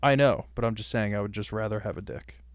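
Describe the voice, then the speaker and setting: A man's voice: lowish voice, fast, no echo. A man co-hosting a podcast, talking in crude, teasing banter with lots of swearing. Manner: profane, teasing, jumps into a breathy put-on voice. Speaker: podcast co-host. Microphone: studio mic on a stand.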